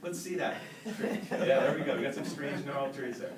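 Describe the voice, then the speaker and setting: A man in his fifties with a fairly high-pitched voice gives an animated Toastmasters speech, telling stories and laughing along with the audience. The meeting room is echoey, the mic is distant, and there's faint background noise.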